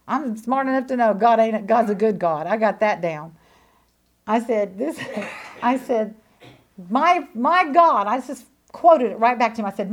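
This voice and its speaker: A woman with a drawl preaches her testimony in a somewhat high voice. She is emphatic, rising to loud proclamations and dropping to quiet, intimate asides. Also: moderate pace. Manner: animated, emphatic, swings between loud declarations and hushed asides. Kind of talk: sermon testimony.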